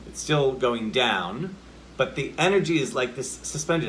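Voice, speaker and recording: A man's voice: mid-range voice, expressive, measured pace, a little hiss or hum. A man teaching acting in a casual video lesson. He explains in a loose, chatty way full of filler words, and acts out example lines to show each point. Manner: loose, with many "like" and "you know" fillers. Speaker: acting coach.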